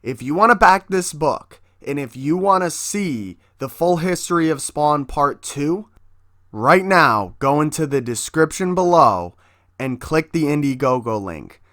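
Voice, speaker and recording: Hyped, foul-mouthed man pitching his comic. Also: expressive, a little slow, a bit bright, no room sound, clean studio sound. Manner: profane, hyped, swears constantly. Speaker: comic creator promoting his book. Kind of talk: casual promo vlog.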